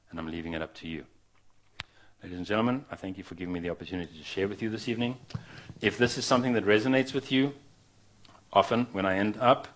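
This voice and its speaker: Addressing an evening gathering as a guest preacher, a man with a low-pitched voice earnestly urges his audience, often starting his sentences over. He is not from Australia.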